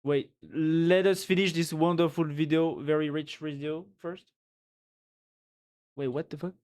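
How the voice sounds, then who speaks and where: A native French speaker with a French accent chats casually on a live stream while reacting to a video, laughing often and repeating words as he hunts for phrasing. His voice is fairly high yet darkish, clear and resonant, with a steady tone and an unhurried pace.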